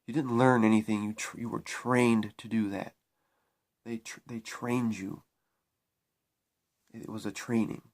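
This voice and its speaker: A man's voice: on the low side, level tone, unhurried, long pauses. A man talking to camera in a spiritual vlog, preaching in a repetitive, emphatic way with frequent restarts. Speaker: spiritual vlogger.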